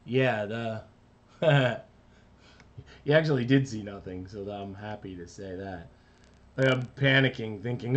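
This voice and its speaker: A man's voice: fairly low pitch, measured pace, pauses often, muffled recording. A man, an animator, chatting casually on a live stream while he works, rambling and talking to himself. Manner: rambling, self-talk while working.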